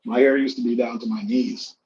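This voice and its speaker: Easygoing male co-host telling stories, gets loud and animated in reenactments, slightly dull recording with faint hiss. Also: mid-range voice, a little fast. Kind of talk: casual storytelling chat. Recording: slightly dull sound with faint background noise.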